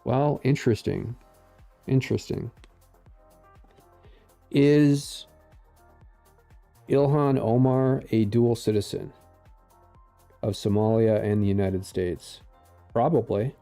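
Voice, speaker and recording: A man's voice: fairly low pitch, fairly even intonation, measured pace, vocal fry, warm tone, soft background music. A man in his forties reading posts and riffing on them in rambling, sarcastic casual commentary, full of fillers. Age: 40s. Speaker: political commentary streamer.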